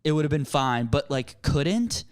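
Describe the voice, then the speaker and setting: Young male co-host, high voice, animated and profane, plays every part in his anecdotes. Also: measured pace, a crowd in the background. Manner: animated, profane, acts out quoted people. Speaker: podcast co-host. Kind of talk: casual comedic storytelling.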